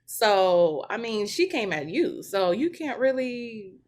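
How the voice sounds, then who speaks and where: A woman's voice: on the high side, big pitch swings, slow pace, a little mellow. A woman co-host in casual chat, listening, laughing and giving reassuring replies.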